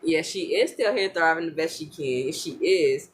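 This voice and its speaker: A young woman telling a personal family story in casual talk, halting and repeating words as she goes. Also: low voice.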